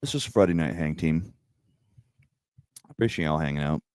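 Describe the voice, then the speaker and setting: A man's voice: rumbling low, normal speed, darkish tone, clear, resonant tone. A young adult man hosting a casual livestream hangout, talking in a laid-back, profane way and laughing often. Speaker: livestream host.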